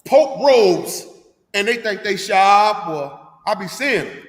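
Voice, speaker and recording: A man's voice: sits high, animated, takes it slowly, roomy sound, big-room sound. A man leading a scripture class, preaching emphatically with rhetorical questions in a street-talk manner.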